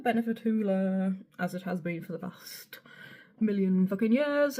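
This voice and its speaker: A woman with a North East English accent chatting loosely through a makeup tutorial at her home vanity, rambling and swearing casually. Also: fairly low pitch. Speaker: beauty vlogger.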